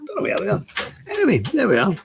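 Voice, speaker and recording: An older man with a slightly high voice, talking into a phone camera on a casual livestream. He rambles from one thing to the next and greets viewers one by one as they arrive. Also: wildly swooping pitch, fast, vocal fry, background noise. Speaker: livestream host. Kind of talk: casual livestream chat with scripture reading.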